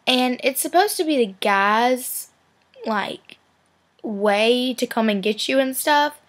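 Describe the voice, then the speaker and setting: A woman's voice: a little high, animated, takes it slowly. A teenage girl chatting casually with a friend, giving dating advice in a giggly, filler-heavy way. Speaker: vlogger.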